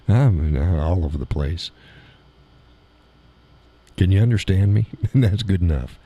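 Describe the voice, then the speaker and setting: A man's voice: deep voice, expressive, slow, pauses often, mellow, slightly rough. A man hosting a live show who chats casually and reads out audience comments, rambling and chuckling often. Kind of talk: casual chat reading audience chat.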